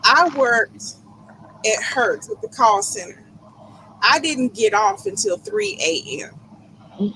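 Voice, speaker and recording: A woman with a bright, sharp voice tells her side of the story in fast, run-on casual chat. Her pitch sits a little high. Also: big pitch swings, slight background noise, low-quality recording.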